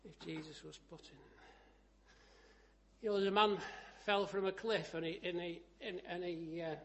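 A man preaching a sermon, telling stories and rising to loud, emphatic scripture reading. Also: high voice, fairly even intonation, normal speed.

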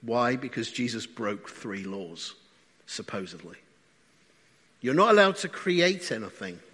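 A man's voice: medium pitch, a bit bright. A man preaching a sermon in a conversational way, often asking the congregation questions. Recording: long hall reverb.

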